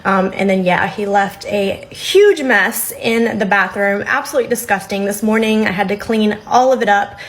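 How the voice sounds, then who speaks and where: A woman's voice: medium pitch, moderate pace, hardly any pauses, poor audio. A young adult woman telling a story to her phone camera in a chatty, rambling way. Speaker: storyteller recounting a date.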